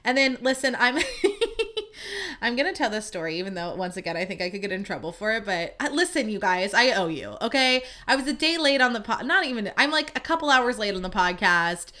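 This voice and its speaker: A young woman with a bright, sharp-edged voice hosts her own podcast, rambling through a story in casual chat. She talks in a chatty, lively way, with plenty of "like" and the occasional swear word. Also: on the high side, fairly quick. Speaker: podcast host.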